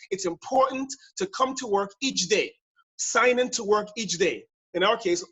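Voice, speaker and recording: A man's voice: high-pitched, a bit bright. A middle-aged man with a US Virgin Islands accent, giving an upbeat webinar talk in a jokey storytelling manner. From Saint Thomas, US Virgin Islands. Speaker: guest speaker, service consultant. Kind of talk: webinar presentation. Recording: muffled webinar audio.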